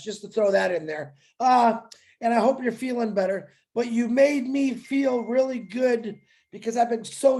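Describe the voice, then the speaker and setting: A man co-hosting a livestream, excitable and joking, bursting into shouts. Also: very high-pitched, vocal fry. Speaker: co-host. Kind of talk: hyped livestream chat.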